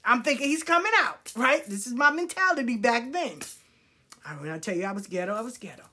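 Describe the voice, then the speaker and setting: A woman telling candid personal stories in a frank, profane, animated way, moving between hushed asides and loud outbursts. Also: fairly high pitch, a little fast, husky. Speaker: storyteller.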